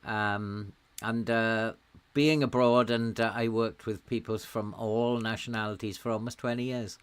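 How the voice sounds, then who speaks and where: Slow-talking man with a soft Welsh accent. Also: fairly low pitch, fairly even intonation, clear, resonant tone. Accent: softened Welsh, with some American words. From Wales. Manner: slow, chatty, laughs often while talking. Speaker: game streamer. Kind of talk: casual live-stream commentary.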